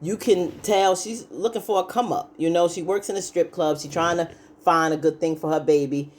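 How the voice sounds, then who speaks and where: A woman's voice: on the low side, steady tone, normal speed, a little mellow, slight background noise. A woman giving a casual, chatty recap of a TV episode, full of "you know" fillers and acted-out lines from the characters. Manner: acts out characters' lines while retelling. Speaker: show recap host.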